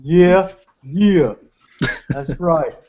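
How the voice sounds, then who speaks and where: A man with a slightly raised pitch throws out slangy, joking shout-outs in a relaxed group commentary. The sound is dull and muffled, like an online call. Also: very slow. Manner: slangy, jokey greetings.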